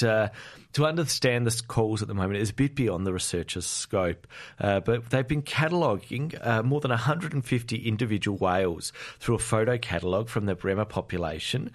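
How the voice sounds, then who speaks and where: An Australian man hosting a community radio science show, chatting casually with many fillers. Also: on the low side.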